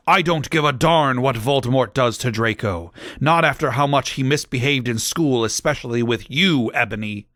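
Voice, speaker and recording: A man's voice: medium pitch, moderate pace, hardly any pauses, a bit bright, no echo, studio quality, close to an everyday voice. A man voicing a cranky, mean old wizard headmaster with a sneering, scornful manner.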